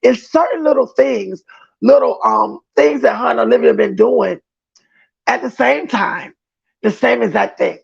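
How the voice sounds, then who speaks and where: A man's voice: very high voice, expressive, unhurried, creaky, breathy edge, muffled recording. A man hosting a livestream, chatting and gossiping casually as he reads viewer comments and greets each one as boo. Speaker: livestream host.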